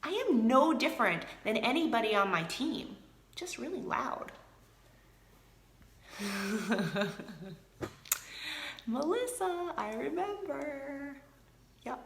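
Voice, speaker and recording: Bright, upbeat woman in an echoey room. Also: medium pitch. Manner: energetic, motivational, talks to viewers by name. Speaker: team leader of a direct sales group. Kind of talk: casual live video chat.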